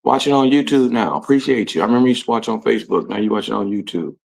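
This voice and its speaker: A man hosting a casual livestream, reading out commenters' names and greeting them in relaxed, slangy talk. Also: on the low side, racing, vocal fry. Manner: shouting out commenters, laid-back slangy talk. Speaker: livestream host. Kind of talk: casual live-stream chat.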